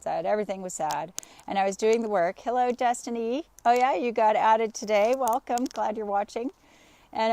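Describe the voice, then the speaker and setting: A woman life coach on a live stream, telling an animated personal story and greeting viewers by name. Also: mid-range voice. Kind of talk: live-streamed motivational talk.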